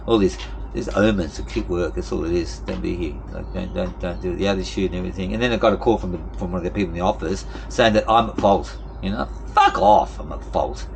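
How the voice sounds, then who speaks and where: A man's voice: low-pitched, quick pace, gravelly, a little hiss or hum. A man ranting about his job in a casual vlog, frustrated, swearing and rambling. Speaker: vlogger. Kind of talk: casual venting monologue.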